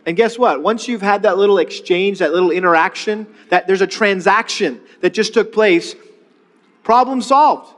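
A man's voice: sits high, normal speed, fairly bright tone. A middle-aged man preaching a sermon in a conversational way, asking rhetorical questions and leading the congregation to repeat phrases after him. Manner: leads the congregation in call-and-response repetition. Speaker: pastor. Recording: long reverb of a large hall.

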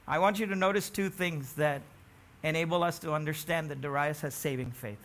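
A man preaching a sermon, emphatic, asking the congregation questions and rising to near-shouts on key phrases. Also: fairly high pitch, fairly quick.

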